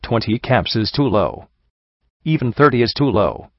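A man's voice: mid-range voice, expressive, normal speed, no room sound, highs cut off. A man voicing a flustered young stallion. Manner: sputtering, protesting. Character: flustered young stallion pony, haggling scavenger.

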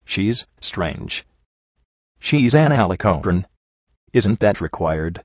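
A man's voice: deep voice, sing-song, takes it slowly, dry recording, lo-fi sound, full character voice. A man reading the part of a blunt, teasing female pony fighter.

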